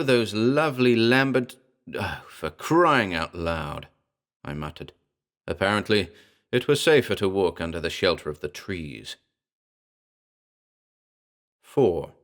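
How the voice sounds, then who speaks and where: Low-voiced male horror story narrator. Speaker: audiobook narrator. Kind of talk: scripted horror fiction reading.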